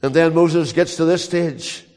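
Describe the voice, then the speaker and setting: An older man with a Northern Irish accent preaching a sermon as a pastor, telling stories earnestly with dramatic pauses. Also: fairly high pitch, steady tone, a little mellow, in a large hall.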